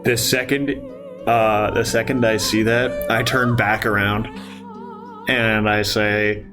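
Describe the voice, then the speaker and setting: A player in a tabletop game speaking in character with a deadpan manner. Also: mid-range voice, takes it slowly, music in the background.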